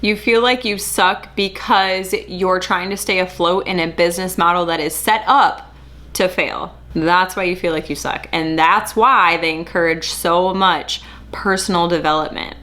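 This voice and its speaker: A woman with a somewhat low voice giving reaction commentary. She talks in chatty, sarcastic asides. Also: measured pace, bright, forceful tone. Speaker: host.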